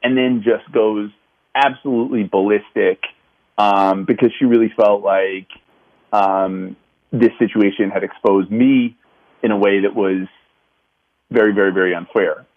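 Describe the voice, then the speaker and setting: A man's voice: fairly low pitch, steady tone, measured pace, phone-quality sound. A man, a city councilman, earnestly recounting a memory from his teaching days in a reflective conversational way. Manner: reflective, earnest, many restarts. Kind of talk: personal storytelling in conversation.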